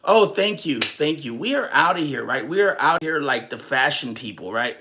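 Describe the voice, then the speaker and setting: Background noise accompanies this young Texan livestream host as he rambles through a casual, profane rant, animated, joking, and talking with viewers. He speaks at a moderate pace in a fairly high voice.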